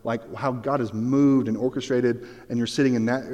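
A man preaching a sermon as pastor, telling the scene with lively, acted-out storytelling. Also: mid-range voice, normal speed. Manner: animated storytelling, acts out Bible scenes. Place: church sanctuary. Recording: long reverb of a hall.

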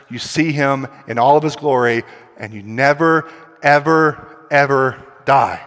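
A man preaching a sermon as a pastor, emphatic and full of rhetorical questions, rising to loud stretches. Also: a little high. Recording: long hall reverb.

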